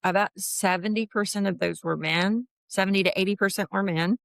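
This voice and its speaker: A woman's voice: mid-range voice, steady tone, fairly quick, vocal fry, no room sound, studio quality. A woman in her fifties, a guest in a casual interview, chatting about her HR consulting work and acting out quoted dialogue with laughs. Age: 50s.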